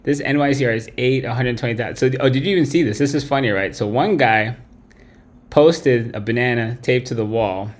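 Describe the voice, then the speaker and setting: Brief: male livestream host, mid-pitched, profane and blunt, ranting to his chat. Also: brisk. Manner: blunt, heavy swearing, tags lines with "right?". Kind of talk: profane late-night stream rant.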